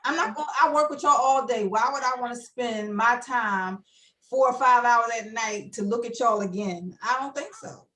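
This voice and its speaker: A woman's voice: fairly high pitch, moderate pace, fairly bright tone, distant mic, a little hiss or hum. A woman with an African American English accent, co-hosting a casual chat in a blunt, emphatic manner and often repeating herself. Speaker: podcast co-host.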